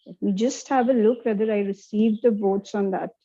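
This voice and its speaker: A woman's voice: medium pitch, fairly even intonation, normal speed, mellow, highs cut off. A woman presenting an interactive online lecture over a video call, often checking in with her audience. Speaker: workshop presenter.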